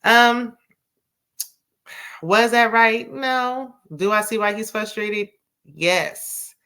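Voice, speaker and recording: A woman's voice: a little high, fairly even intonation, drawn-out words, sharp tone, smooth. A woman recapping a TV drama in a chatty, sassy way, full of slang and asides. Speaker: TV recap host. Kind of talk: casual TV recap chat.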